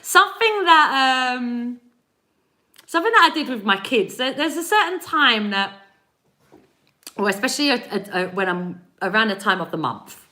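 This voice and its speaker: A woman energy healer giving a live-stream spiritual reading, animated and encouraging, laughing often as she talks straight to her viewers. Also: mid-range voice, moderate pace. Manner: speaks directly to chat viewers.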